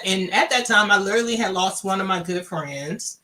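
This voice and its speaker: A woman's voice: medium pitch, brisk, bright, forceful tone. A woman from Louisiana, candidly telling her personal story and acting out the dialogue she quotes. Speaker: guest sharing her story.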